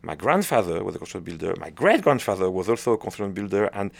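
Low, gravelly French-accented man. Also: sing-song, quick pace, dry recording. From France. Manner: hesitant, searching for words, many restarts. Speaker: conductor. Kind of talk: interview answers.

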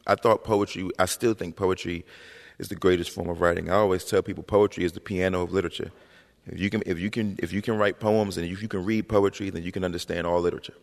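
A man in his thirties with a very low, gravelly voice tells stories to an audience. He is animated and slangy, often asking "right?" as he talks. The sound rings with a long reverb from a large hall. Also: fast talker. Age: 30s. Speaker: author, interview guest. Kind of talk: conversational storytelling on stage.

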